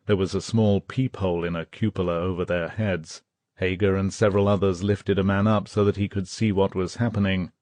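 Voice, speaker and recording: A man reading an audiobook in steady, measured scripted narration. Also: low voice, no room sound. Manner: measured, steady storytelling, voicing characters' shouts.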